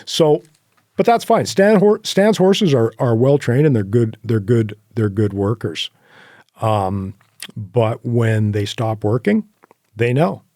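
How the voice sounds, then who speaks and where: A man as a podcast guest, telling animated hunting anecdotes with quoted asides and laughs. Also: medium pitch, slow, no room sound, studio quality. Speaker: podcast guest, horseback hunter. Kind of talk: casual interview storytelling.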